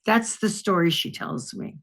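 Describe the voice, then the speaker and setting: Brief: older ex-detective woman from Wisconsin, chatty storyteller, loose and rambling, mid-pitched voice. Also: measured pace, vocal fry, a bit bright. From Wisconsin, USA. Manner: rambling, conversational, frequent restarts and fillers. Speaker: interview guest, former police detective. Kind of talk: anecdotal storytelling in an interview.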